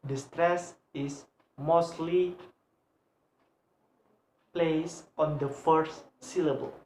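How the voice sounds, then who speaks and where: A young woman with an Indonesian accent, a student presenting a lesson on English word stress, halting and repeating example words over and over. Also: low voice, steady tone, darkish tone, slight background noise. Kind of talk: slow read-aloud lesson on word stress. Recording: echoey room.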